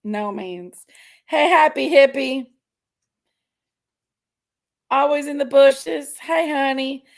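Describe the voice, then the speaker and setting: A woman hosts a loose, rambling livestream chat, gushing over each viewer who drops in. She talks at an unhurried pace in a high voice with a gravelly edge, stretching out her exclamations. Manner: effusive, greeting viewers one by one. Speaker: livestream host.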